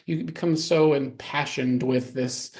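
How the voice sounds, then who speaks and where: A man's voice: mid-range voice, steady tone, a little slow, darkish tone. A man hosting a podcast in casual chat, rambling loosely and laughing often. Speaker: podcast host.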